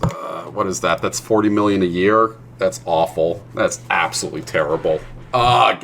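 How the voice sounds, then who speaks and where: A man's voice: low voice, fairly bright tone, slight background noise. A male streamer chatting casually while he plays, ranting with plenty of swearing. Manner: profane, ranting.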